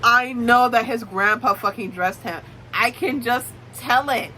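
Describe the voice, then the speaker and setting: A woman's voice: on the high side, unhurried, sharp tone, faint music behind, rough recording. A young woman giving a casual, blunt, swear-heavy recap of a book series. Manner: blunt, profane, joking commentary. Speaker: book YouTuber.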